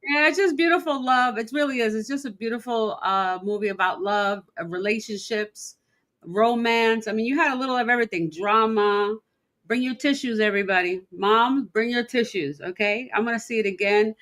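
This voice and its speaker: A woman's voice: fairly high pitch, brisk, a bit bright. A middle-aged woman hosting a live interview, gushing with enthusiasm and laughing a lot. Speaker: interview host.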